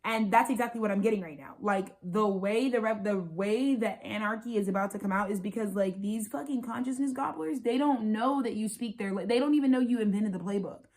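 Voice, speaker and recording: A young woman in her twenties rants through an unscripted spiritual vlog, her speech fast, profane and emphatic. She circles back to repeat her points, piling on "baby" and "like" as she builds momentum. Her pitch sits in an ordinary middle range for a woman. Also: darkish tone. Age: 20s. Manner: rapid, profane, emphatic and repetitive. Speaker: astrologer and spiritual channeler.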